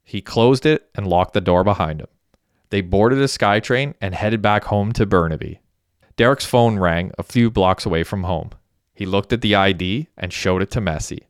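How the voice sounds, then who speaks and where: A man reading a story aloud as a narrator, in a steady, even storytelling manner. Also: on the low side, moderate pace, clear, resonant tone, dry recording, clean studio sound. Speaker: audiobook narrator. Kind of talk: scripted narration.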